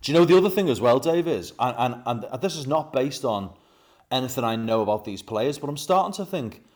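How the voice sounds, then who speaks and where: A man co-hosting a casual football podcast who teases the others and jumps in quickly, going quieter when he thinks out loud. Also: mid-range voice, animated. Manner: teasing, quick to jump in, drops quiet when thinking aloud. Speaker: podcast co-host.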